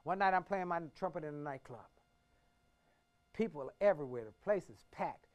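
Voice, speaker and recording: A man in his fifties from the Washington, D.C. area giving a motivational keynote speech. He tells stories emphatically, repeating phrases and swinging between hushed and booming delivery. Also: animated, normal speed. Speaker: motivational speaker.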